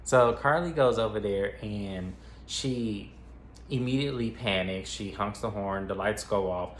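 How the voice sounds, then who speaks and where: A man's voice: fairly low pitch, takes it slowly, slight background noise. A man casually retelling a film plot as a movie reviewer, chatty and profane, talking straight to his viewers. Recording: roomy echo, faint ambience.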